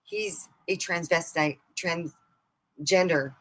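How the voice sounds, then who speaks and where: A middle-aged woman chatting casually on a live stream, rambling through funny stories and laughing loudly at her own punchlines. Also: sits low, animated, a little slow, husky, poor audio. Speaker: comedy streamer.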